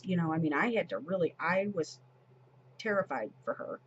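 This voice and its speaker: A woman's voice: lowish voice, normal speed, dull audio, slight background noise. Chatty woman vlogger telling a story. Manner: chatty, animated retelling with many fillers and restarts. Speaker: planner vlogger. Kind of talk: casual storytelling while decorating a planner.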